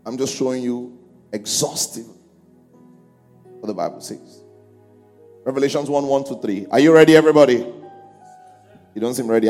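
In a mid-range voice at normal speed, dark in tone and marked by long pauses, a pastor delivers his sermon. He calls questions to the congregation and lifts his voice to read the scripture they follow. Music runs under the long hall's echo.

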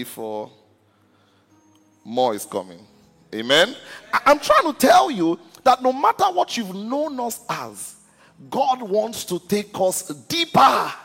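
A man's voice: medium pitch, big-room sound. A man pastor preaching a sermon in a church, often stuttering on restarts and asking the congregation if they are listening. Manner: stammers and restarts words.

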